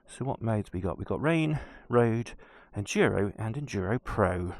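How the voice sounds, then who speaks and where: A man with an English accent riding a motorbike and chatting to camera in a relaxed, self-deprecating way. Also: lowish voice, normal speed. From England. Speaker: motorcycle vlogger. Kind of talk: casual vlog commentary. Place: outdoors, on a motorbike on country roads. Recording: noisy outdoor motorbike recording.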